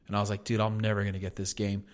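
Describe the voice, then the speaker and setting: A man's voice: fairly low pitch, completely flat delivery, very fast. A young man, co-hosting a podcast in casual chat and telling stories in a laid-back, profane way. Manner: laid-back, profane storytelling, says "dude" a lot. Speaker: podcast co-host.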